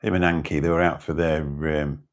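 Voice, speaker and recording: A man's voice: deep voice, fairly even intonation, brisk. A British man hosting a livestream, chatting casually and rambling as he greets viewers in the chat. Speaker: livestream host.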